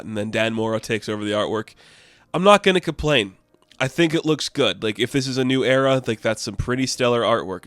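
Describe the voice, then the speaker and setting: A man's voice: on the low side, fairly bright tone, dry recording, studio quality. A man giving a casual, opinionated comic book review, rambling with lots of fillers.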